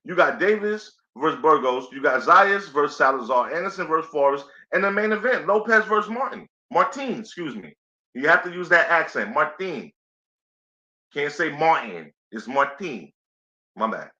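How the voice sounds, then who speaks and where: A laid-back, chatty man hosts a casual live boxing play-by-play stream, often saying "you know what I'm saying." His voice is a little high, expressive, bright, and forceful, and he talks a little fast. The recording is lo-fi and dull, in an echoey room.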